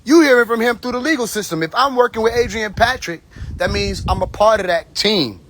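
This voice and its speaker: There's slight background noise as a man with a high, a bit bright voice talks a little fast on a casual phone livestream. The host delivers a lengthy, tipsy, profane monologue that wanders and pulls no punches.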